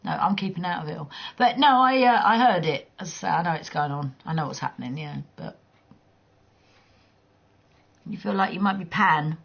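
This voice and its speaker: A woman chats and teases her viewers while gaming, blunt and quick to swear. Her voice is husky and breathy, with a gravelly edge. The sound is dull and lo-fi, like a cheap stream mic. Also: on the low side. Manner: blunt, teasing, swears freely, laughs often. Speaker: livestreamer. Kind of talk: casual chat while gaming.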